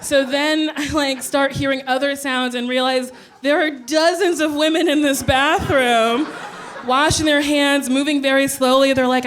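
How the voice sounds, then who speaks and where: A woman comedian telling a stand-up story with animated, loud acted-out quotes. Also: high voice, unhurried, slight background noise.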